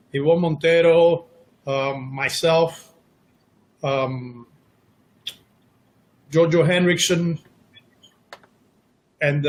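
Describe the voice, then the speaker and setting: A middle-aged man, an actor guest in an interview, telling stories in a casual, self-deprecating, joking way. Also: fairly high pitch.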